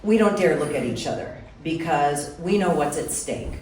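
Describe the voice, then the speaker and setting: A woman telling a personal story to a live audience in a lively, chatty way, often speaking to the crowd directly. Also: low voice, moderate pace. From Wisconsin. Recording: roomy hall from far off, faint room noise.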